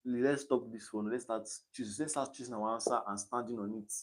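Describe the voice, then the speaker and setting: A young man in his late teens with a Nigerian accent, casually talking through exam questions on a livestream, reading the options aloud and thinking out loud. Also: mid-range voice, steady tone, fairly quick. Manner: thinks aloud, reading quiz options aloud and chatting between them. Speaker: exam candidate streaming his study session.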